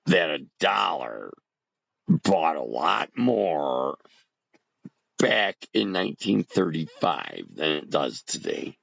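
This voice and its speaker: A man's voice: a bass voice, creaky, a bit bright, no echo, muffled recording. A middle-aged man rambling casually to his viewers on a livestream, greeting chat by name. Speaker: livestream host. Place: home bunker.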